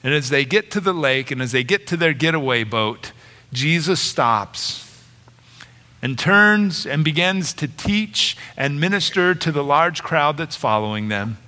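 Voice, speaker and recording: Middle-aged pastor preaching slow, bright voice, storytelling sermon, long echo like a big hall. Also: male voice, fairly high pitch. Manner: storytelling, animated when retelling scenes.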